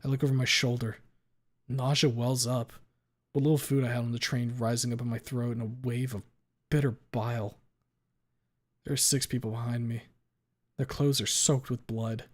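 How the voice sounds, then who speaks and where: A man's voice: mid-range voice, flat delivery, normal speed, long pauses. A man reading a visual novel aloud in the first person, dramatic, cursing freely and sometimes stumbling over words.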